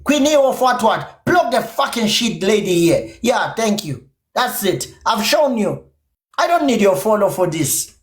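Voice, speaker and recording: Fiery South African man with a Zulu-inflected accent. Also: very high-pitched. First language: isiZulu. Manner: confrontational, profane, repetitive. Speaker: podcast streamer. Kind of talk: angry livestream rant. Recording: echoey room.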